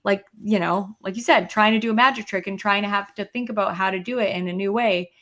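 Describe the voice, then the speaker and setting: A woman co-hosts a podcast over a video call, chatting casually and animatedly. She vents at a quick pace in a mid-range voice, using the filler "like" often.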